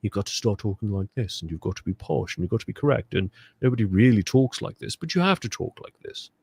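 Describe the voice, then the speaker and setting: A man's voice: lowish voice, expressive, quick pace, a little mellow, breathy edge. A man voicing a stern male elocution teacher who mockingly scolds a pupil for how he talks. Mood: scolding. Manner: bossy, mocking, insistent.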